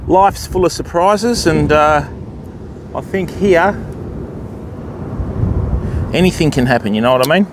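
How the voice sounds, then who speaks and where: Australian fishing host, man, high voice, matey chat, noisy beach recording. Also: unhurried, pauses often. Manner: chatty, matey, addresses viewers directly. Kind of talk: casual live-stream chat to viewers. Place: outdoors on a surf beach.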